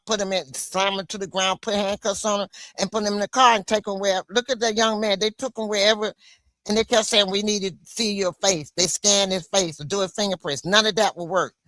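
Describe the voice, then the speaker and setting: Bright, emphatic woman venting on stream. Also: mid-range voice, a little fast, no room sound. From United States. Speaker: livestream host. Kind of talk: solo livestream commentary.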